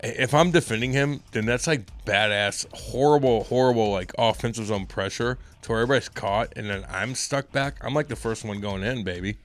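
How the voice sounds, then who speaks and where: A man in his thirties, a former pro hockey player, co-hosting a casual podcast with profane, rambling, animated stories. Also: medium pitch, fairly quick, hardly any pauses. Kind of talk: casual chat.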